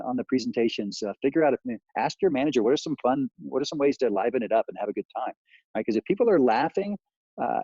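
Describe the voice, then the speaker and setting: A man's voice: medium pitch, dark tone, no room sound, lo-fi sound. A man giving a sales training talk, rambling with many fillers and acting out lines he would say to customers.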